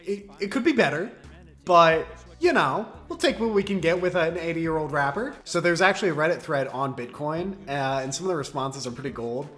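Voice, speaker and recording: A man's voice: on the high side, expressive, a little fast, fairly bright tone, soft background music. A man in his twenties giving casual, joking reaction commentary, laughing often. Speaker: video commentator.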